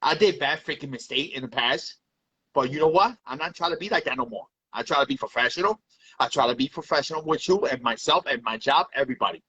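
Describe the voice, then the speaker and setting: A man's voice: medium pitch, animated, fast talker, pushed and bright, slightly rough, rough recording. A man giving a heated, repetitive rant on a live video. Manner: heated, repetitive, swears often. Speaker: live video chat participant.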